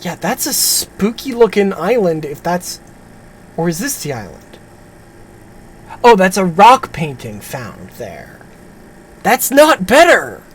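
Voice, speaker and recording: A woman streaming a game, chatting casually and getting excited as she plays. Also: on the low side, slow pace.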